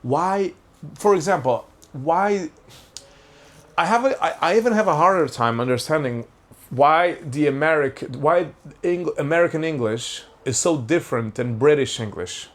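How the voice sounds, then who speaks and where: A man's voice: on the high side, expressive, normal speed. A young man, rambling through a casual podcast monologue, full of questions and frequent swearing. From Portugal. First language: Portuguese. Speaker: podcast host.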